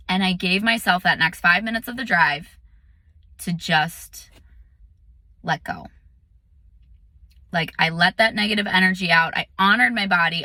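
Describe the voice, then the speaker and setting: A woman meditation teacher in a casual vlog, chatty and animated, telling a story with lots of "like" and "um". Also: medium pitch, no room sound.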